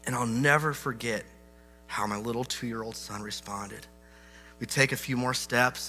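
Bright-voiced man preaching in a hall. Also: medium pitch, normal speed. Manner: storytelling, self-deprecating, animated. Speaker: pastor. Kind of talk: sermon illustration with humor. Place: large church hall. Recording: hall reverb with faint music.

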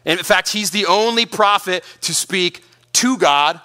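A man preaching a sermon, energetic and emphatic, often repeating words as he pushes his point. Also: sits high, a little slow. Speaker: pastor.

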